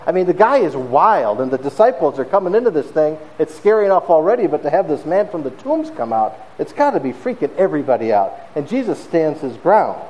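Guy giving a chatty sermon, kinda higher voice, tells it like a story. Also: a little fast, few pauses, dull audio. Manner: conversational, animated storytelling with fillers. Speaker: pastor.

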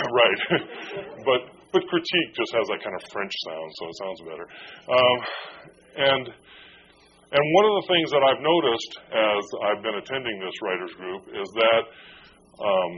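A man's voice: fairly low pitch, fairly bright tone. A man preaching a conversational sermon as a pastor, joking and self-deprecating as he goes. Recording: dull lo-fi with faint noise.

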